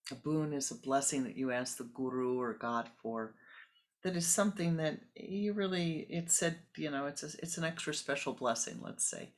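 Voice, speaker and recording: A spiritual teacher giving a sermon, telling a parable calmly and guiding a meditation. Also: medium pitch. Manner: calm, measured storytelling with pauses.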